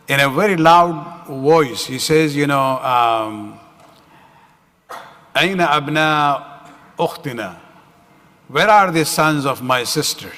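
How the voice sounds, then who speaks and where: A man's voice: medium pitch, bright, forceful tone. A man giving a religious lecture at a community center, telling a story with frequent "you know" and "uh" fillers. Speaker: religious speaker. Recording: reverberant hall.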